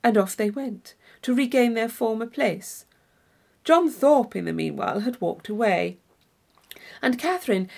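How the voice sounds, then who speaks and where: A woman reading a classic novel aloud as an audiobook narrator, measured and even. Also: medium pitch, vocal fry. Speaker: audiobook reader. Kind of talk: scripted narration.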